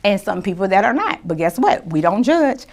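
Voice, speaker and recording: A middle-aged woman hosts a casual faith-based talk show. She speaks straight to her viewers in a lively, chatty manner. Her voice sits at an ordinary middle pitch for a woman. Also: normal speed. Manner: lively and chatty, shifting to soft and quiet when grieving. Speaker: show host.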